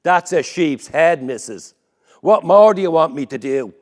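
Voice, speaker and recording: A man's voice: on the high side, expressive, unhurried, pitched above the performer's own voice. A man voicing a patient Dublin butcher, matter-of-fact and weary.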